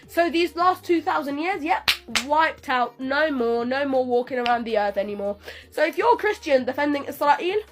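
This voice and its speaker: A young woman with a high voice talks straight to camera, sassy and lecturing, full of pointed rhetorical questions. Faint music plays under her voice. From Palestine. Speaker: video creator. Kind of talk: speaking to camera over a speedpaint.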